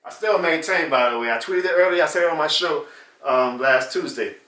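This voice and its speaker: A man's voice: a little high, brisk, sharp tone, echoey room, recorded from a distance. A man hosting a sports reaction channel, venting in a casual, exasperated and sarcastic rant. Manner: exasperated, sarcastic, mocks rival fans in put-on voices.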